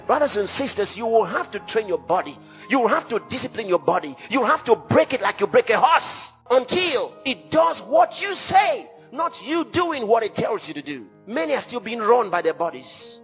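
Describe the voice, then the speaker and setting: Emphatic preacher, high lively voice. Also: male voice. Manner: emphatic preaching with sudden shouts and dramatic drops. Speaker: pastor. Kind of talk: sermon. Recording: dull lo-fi sermon recording with faint music.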